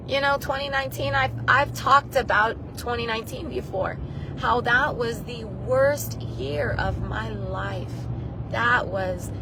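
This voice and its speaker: A woman's voice: fairly high pitch, noisy background. A woman vlogger telling a personal story to her viewers in a rambling, emotional way, tearful at times, with many restarts.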